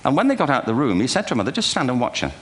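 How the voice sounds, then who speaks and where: A man's voice: mid-range voice, very animated, very fast. An older man giving a humorous keynote lecture to a live audience, full of wry, self-deprecating anecdotes and asides. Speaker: speaker giving a talk. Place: large auditorium before a live audience.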